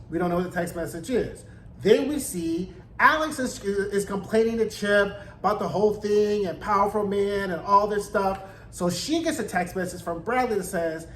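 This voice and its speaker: A man's voice: high voice, a bit bright. A man giving a sassy, slangy, gossipy recap of a TV episode. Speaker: TV recap vlogger. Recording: roomy echo, faint background noise.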